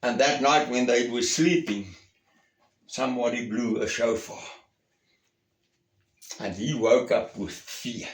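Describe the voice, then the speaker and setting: A slow, deliberate male pastor delivers an earnest sermon. He presses his points, then falls to a hushed, intimate tone. His voice rings through a roomy church hall. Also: medium pitch. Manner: earnest, emphatic, swings from raised to hushed.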